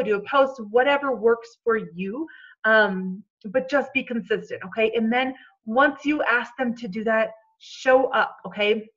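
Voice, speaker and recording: A woman's voice: fairly high pitch, fairly bright tone, dull audio. A woman coaching her team on a call in a chatty, encouraging way, checking in often with "okay?".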